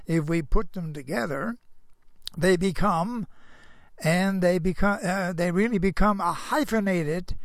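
A man's voice: high-pitched, gravelly, no room sound, studio quality. An older man giving a folksy Christian moral monologue. He rambles, chuckles to himself, and keeps asking the listener rhetorical questions. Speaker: storyteller.

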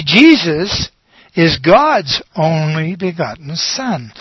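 A man preaching a sermon, slow and emphatic, leaning on dramatic pauses and repeated words. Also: sits high, fairly bright tone, no room sound, low-quality recording.

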